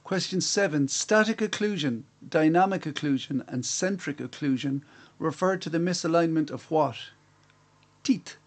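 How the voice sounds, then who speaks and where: A man's voice: a little high, moderate pace. A man hosting a live-streamed quiz from home, reading out questions and answers with chatty, self-mocking asides. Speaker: quiz host. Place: room at home.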